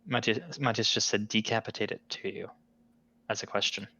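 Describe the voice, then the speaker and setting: A man's voice: lowish voice, moderate pace, bright, forceful tone, breathy edge, dry recording. A man playing a tabletop role-playing game, stating his character's actions plainly. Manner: plain, matter-of-fact declarations of actions. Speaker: player. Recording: dull lo-fi dry mic.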